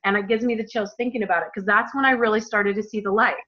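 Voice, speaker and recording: A woman leading a motivational team call, telling her story in a gushing, excited way and talking straight to her listeners as "you guys.". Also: mid-range voice, fast. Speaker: team leader. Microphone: phone or computer call. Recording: muffled lo-fi call audio.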